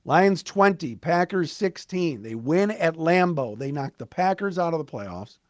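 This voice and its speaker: A man hosting a solo sports podcast, recapping a game in an excited, emphatic, conversational way. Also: fairly high pitch, measured pace, dry recording, studio quality. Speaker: podcast host.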